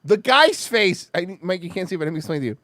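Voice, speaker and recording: Podcast host reacting to a clip, all over the place pitch-wise, dry close sound, lots of cussing. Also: quick pace, dry recording. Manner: animated, rambling, laughs a lot, swings loud and soft. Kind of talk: casual commentary on a clip, with swearing.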